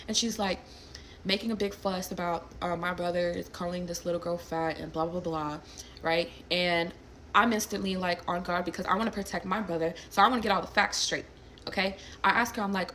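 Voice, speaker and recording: A young woman casually telling a personal story to camera, animated and blunt, swearing freely. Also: on the low side, fast, slight background noise. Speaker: storyteller recounting a personal incident.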